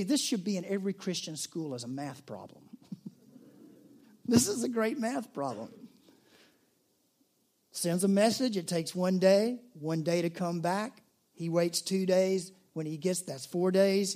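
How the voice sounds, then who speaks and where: High-voiced pastor preaching conversationally. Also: male voice, animated, unhurried, a little mellow. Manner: conversational storytelling with restarts and asides. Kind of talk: sermon.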